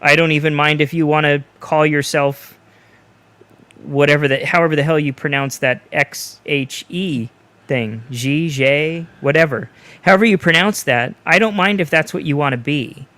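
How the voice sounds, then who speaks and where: A man co-hosting a casual podcast, talking bluntly and with plenty of profanity. His voice sits a touch high, with a bright, forceful edge. The sound is close and dry. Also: moderate pace, dry recording. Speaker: podcast co-host.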